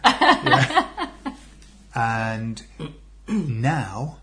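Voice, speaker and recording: A man's voice: mid-range voice, wildly swooping pitch, very slow, sharp tone. A man co-hosting a language-learning podcast, chatting casually and joking, laughing often and trailing off as he searches for words. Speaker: Spanish teacher and podcast co-host. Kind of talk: casual chat between hosts.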